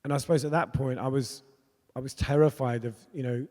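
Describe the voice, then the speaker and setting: A man's voice: mid-range voice, steady tone, fairly quick, darkish tone. A man in his fifties, a pop musician telling stories in an onstage conversation, chatty and laughing often. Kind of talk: candid storytelling in an onstage conversation. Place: festival talk in a hall. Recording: long hall reverb.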